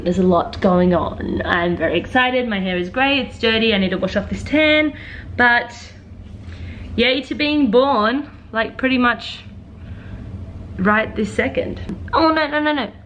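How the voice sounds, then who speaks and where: A woman's voice: on the high side, unhurried, a bit bright, a little hiss or hum. A woman in her twenties with an Australian accent, chatting to camera in a bubbly, playful vlog. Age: 20s. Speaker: vlogger. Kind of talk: casual vlog chat to camera.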